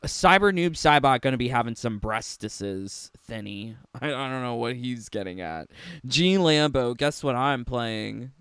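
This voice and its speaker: A man's voice: medium pitch, expressive, measured pace, a bit bright, clean tone, dry recording, studio quality. A man giving sarcastic, mocking reaction commentary on a game trailer, laughing often. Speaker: gaming commentator.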